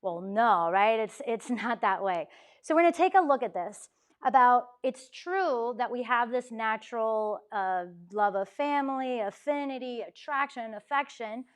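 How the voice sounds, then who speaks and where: Chatty woman giving a lively faith talk. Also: a little high, measured pace, clean tone. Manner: chatty, acts out quotes, frequent "right?". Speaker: campus ministry speaker.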